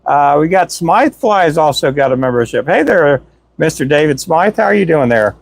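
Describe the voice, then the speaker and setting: A talkative man hosts his own live stream on a desk microphone, with a voice pitched a touch high. He rambles cheerfully and calls himself a chatterbox. His voice sounds a little worn from talking for hours. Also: animated, moderate pace, gravelly. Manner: chatty, self-described chatterbox; cheerful shout-outs and jokes. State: tired voice from talking a lot. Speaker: livestream host. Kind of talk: casual live-stream chat. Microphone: Donner microphone.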